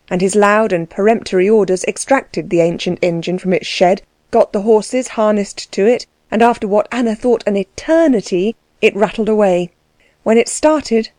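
A woman reading a period novel aloud in scripted audiobook narration, measured and expressive. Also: mid-range voice, no echo.

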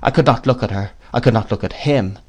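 A man narrating an audiobook of a classic novel in a measured, expressive storytelling manner. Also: medium pitch, slightly rough. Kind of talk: audiobook reading.

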